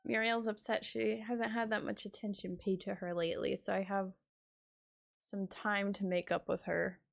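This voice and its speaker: A woman's voice: mid-range voice, flat delivery, normal speed, vocal fry. A young woman streaming a game, chatting casually, tired, talking to her chat and her cat.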